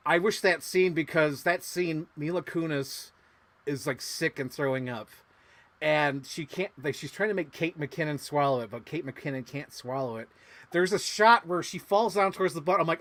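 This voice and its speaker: A man co-hosting a casual movie chat podcast, excitable and laughing often, leaping up high when he quotes characters. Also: moderate pace. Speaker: podcast co-host.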